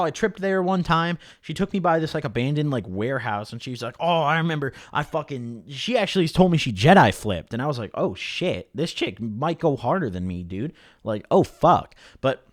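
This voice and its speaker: A young man telling a story on his vlog in a casual, animated way, swearing often and dropping low and quiet when he quotes himself. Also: dry recording, clean studio sound. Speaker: YouTuber.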